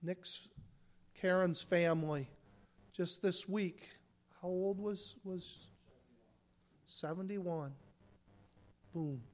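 A man preaching a sermon as a pastor, swinging between hushed, quiet stretches and forceful, rising emphasis. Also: sits high, steady tone, extremely slow, long pauses.

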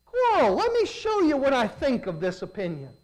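A preacher voicing God as a calm, all-powerful divine judge, in a low, hushed, dryly commanding way during sermon storytelling. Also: moderate pace.

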